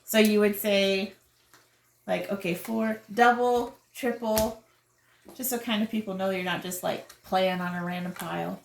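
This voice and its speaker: A woman explains a card game step by step in a relaxed, chatty way. Her voice sits at an ordinary pitch. The room around her is echoey. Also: moderate pace, gravelly, slight background noise. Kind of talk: casual game demonstration.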